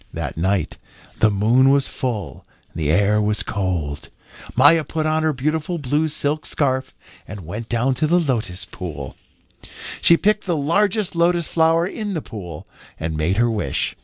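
A man reading a children's tale aloud as narrator, in an expressive, measured way. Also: medium pitch, no echo, studio quality. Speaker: storyteller. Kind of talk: scripted narration.

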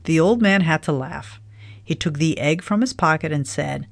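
A woman's voice: low-pitched, normal speed, gravelly, dry recording. Woman reading a children's story aloud. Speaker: storybook reader. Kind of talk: scripted storybook narration.

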